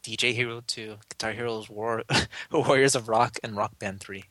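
A man's voice: fairly low pitch, steady tone, moderate pace, a bit bright, dry recording. A man co-hosting a casual podcast, rambling with sarcastic asides. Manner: rambling, hesitant, lots of fillers and restarts, sarcastic. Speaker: podcast co-host. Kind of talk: casual chat.

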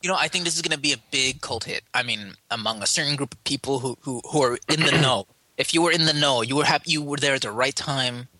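A man's voice: medium pitch, quick pace, few pauses, bright, forceful tone, dry recording. A man co-hosting a casual podcast chat, playful and fond of mimicking others. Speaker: podcast co-host.

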